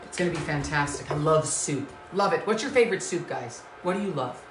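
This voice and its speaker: A woman's voice: deep voice, animated, a little fast, background noise. A woman hosting a live-stream home cooking show, effusive and greeting viewers by name with endearments. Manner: effusive, greets viewers by name and calls them sweetheart and lovies. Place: home kitchen. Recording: echoey kitchen.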